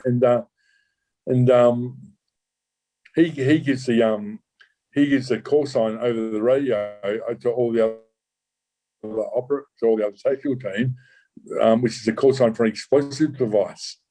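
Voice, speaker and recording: A man, a former undercover cop, recounting a true story in an interview, halting with many restarts and swearing casually. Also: medium pitch, steady tone, mellow, rough recording. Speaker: former undercover police officer.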